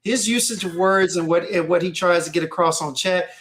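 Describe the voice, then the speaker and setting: A man with a fairly high voice talks loosely on a casual podcast, his speech rambling and circling back on itself. He keeps checking in with his listener as he goes. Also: a little fast, fairly bright tone. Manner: loose, repeats "you know what I'm saying". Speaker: co-host. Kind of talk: casual chat.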